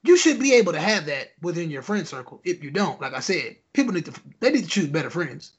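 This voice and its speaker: A man's voice: a little high, sing-song, quick pace, breathy edge, muffled recording. A man hosting a casual podcast chat, loosely posing questions to his co-host with lots of fillers.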